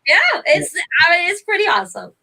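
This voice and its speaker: A woman's voice: extremely high pitch, big pitch swings, fairly quick, creaky, pushed and bright. A woman chatting on a live stream in a bubbly, emotional way. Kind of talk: casual chat on a live stream.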